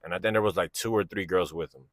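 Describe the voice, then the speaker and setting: Guy rambling thru a story time, lotta slang, lowish voice, dry sound. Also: fast, a bit bright, dry recording. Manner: slangy, rambling, keeps asking "you know what I'm saying". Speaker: vlogger telling a personal story. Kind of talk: casual storytime monologue.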